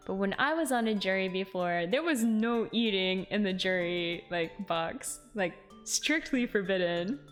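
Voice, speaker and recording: Woman streamer, casual chat, reads dialogue mock-formal, medium pitch, loud game music. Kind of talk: live game playthrough with read-aloud dialogue.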